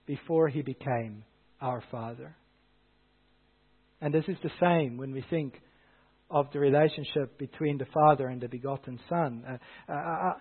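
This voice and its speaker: A man with a high-pitched voice preaches earnestly, pushing harder on the phrases that matter. The sound is thin and tinny, like it came through a phone line. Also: breathy edge. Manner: earnest preaching, swelling louder on key phrases. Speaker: pastor. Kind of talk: sermon.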